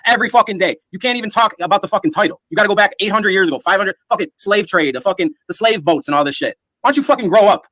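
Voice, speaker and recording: High voiced guy screaming insults super fast, dry mic. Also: no echo. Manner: shouting insults, profane, rapid tirade. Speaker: panel speaker. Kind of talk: heated online panel argument.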